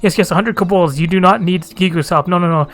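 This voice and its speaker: A man's voice: high-pitched, fast talker, a bit bright. A man voicing a wailing, self-pitying male kobold that repeats itself in strings of synonyms. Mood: fawning.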